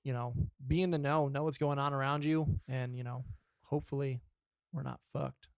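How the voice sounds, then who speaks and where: A man's voice: medium pitch, fairly even intonation, moderate pace, gravelly, clean tone, no room sound, clean studio sound. Young man telling a rambling story. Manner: rambling storyteller, swears, mimics his dad. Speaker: podcast co-host. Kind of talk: casual chat.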